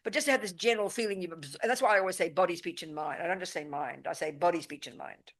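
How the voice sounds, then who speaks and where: In a meditation center's teaching room, a woman gives a live dharma talk at a retreat, with questions and answers. Her voice runs low and she talks fast, speaking emphatically and forthrightly and often stopping to ask "do you understand?".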